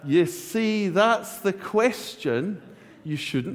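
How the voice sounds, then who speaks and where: A male preacher delivering a jokey, animated sermon, his high voice swooping all over the place. It rings out with a long reverb in a large church. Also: unhurried. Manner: jokey, animated, self-laughing asides. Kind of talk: humorous sermon.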